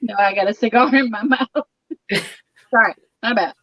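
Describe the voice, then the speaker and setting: A woman's voice: fairly high pitch, normal speed, no echo, highs cut off, natural voice. A woman playing a boastful, boozy male show-off with a cigar and wine in a live comedy parody, crude and rambling. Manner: brash, rambling, crude, loses her train of thought.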